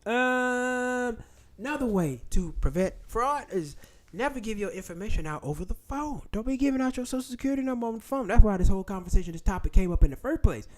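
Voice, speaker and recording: A man's voice: sits high, fast. A man hosting a casual livestream, talking bluntly and with lots of profanity. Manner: blunt, profane, animated storytelling. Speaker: channel host.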